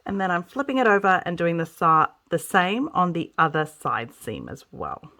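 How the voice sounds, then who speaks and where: A woman talking through a sewing tutorial step by step, chatty and relaxed, often checking in with viewers as she works. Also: fairly low pitch, normal speed, vocal fry. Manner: chatty, explains as she works, frequent "okay" and "so". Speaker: sewing instructor. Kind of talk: casual step-by-step craft tutorial.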